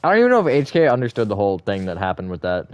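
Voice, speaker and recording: A man's voice: fairly low pitch, wildly swooping pitch, rapid-fire, smooth, dry recording, muffled recording. A man hosting a live stream, chatting casually with viewers in a rambling, self-correcting way and laughing often.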